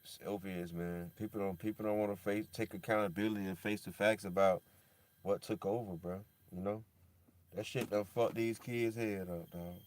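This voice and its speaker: A man in a casual monologue, rambling in slang with lots of "bro" and "dog", swinging between loud animated bursts and a low somber mutter. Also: normal speed.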